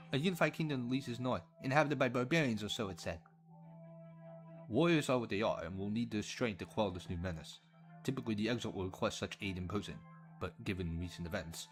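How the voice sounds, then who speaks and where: Someone putting on a young prince captain in a fan-dubbed game scene. He is lower and steadier than the other figures, giving orders calmly. Faint music sits behind him. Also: lightly acted. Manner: steady, commanding.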